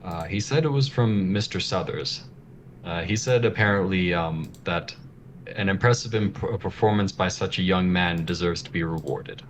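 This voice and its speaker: Modest kindly shopkeeper, played by a man, low voice, halting and polite. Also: slight background noise, lightly acted. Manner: hesitant, polite.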